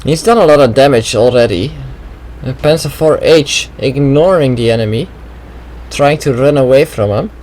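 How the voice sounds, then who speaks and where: Over a game replay, a man chats casually at moderate pace in a medium-pitched, slightly mellow voice, musing aloud with many "well"s. He has a bit of throat trouble, and the recording is rough.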